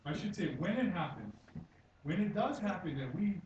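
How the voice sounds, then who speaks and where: Angry high-voiced man with Hawaii Pidgin accent. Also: sing-song, normal speed, a little mellow, lo-fi sound. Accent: Hawaii Pidgin-tinged English. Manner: angry, blunt, repetitive, swears. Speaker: member of the public giving testimony. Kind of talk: heated public hearing testimony. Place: conference room. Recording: echoey room from far off, faint noise.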